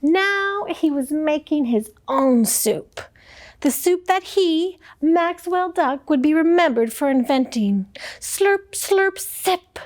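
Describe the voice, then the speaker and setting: A woman librarian reading a children's picture book aloud with slow, expressive storytelling. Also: sits high.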